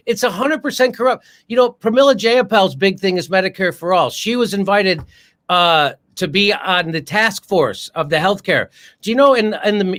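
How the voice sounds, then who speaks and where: A man's voice: high-pitched, a bit bright. An older man hosting a political show, ranting with profanity and a string of rhetorical questions over a video call. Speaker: comedian political show host. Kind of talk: heated political talk.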